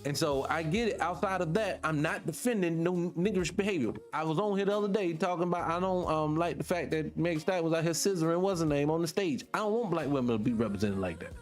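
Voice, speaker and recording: A man's voice: quick pace, few pauses, soft background music. Blunt, profane male talk-show host. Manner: emphatic, blunt, profane, swings up in pitch when making a point. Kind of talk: casual commentary reacting to clips.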